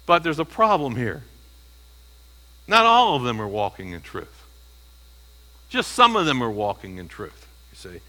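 Sing-song and unhurried with long pauses, a pastor with a mid-range, bright, forceful voice preaches through scripture verse by verse, conversationally checking on the congregation with "okay?" and "you see." It's a low-quality recording.

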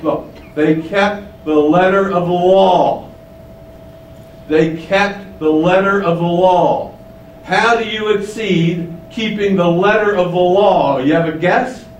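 A man preaching a sermon with emphasis, asking his listeners questions and repeating key lines. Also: slow pace. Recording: echoey room, mic at a distance, faint rumble.

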